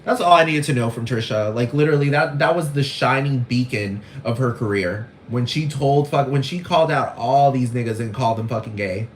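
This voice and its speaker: A man's voice: medium pitch, a little fast, few pauses, slight background noise, natural voice. A man performing a brash, gossipy young woman who goes on a rambling, profane rant in a comedic character monologue. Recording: roomy echo.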